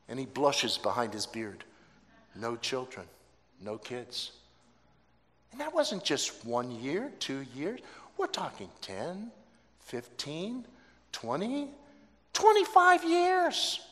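A man's voice: on the high side, huge pitch swings, slow pace, long pauses, a bit bright. A man preaching a sermon, telling a story dramatically and with emphasis. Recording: long hall reverb.

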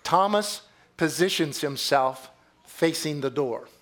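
Dramatic preaching man, slightly high voice. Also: expressive, takes it slowly. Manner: dramatic preaching, voice swinging from soft to loud. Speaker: pastor. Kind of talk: sermon. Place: church.

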